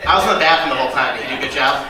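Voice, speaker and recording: A man's voice: medium pitch, very fast, over a noisy crowd. A man hosting a comedy show, offhand and jokey as he announces the break. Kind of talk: stand-up hosting. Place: small comedy club stage. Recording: echoey room, mic from far off, noisy.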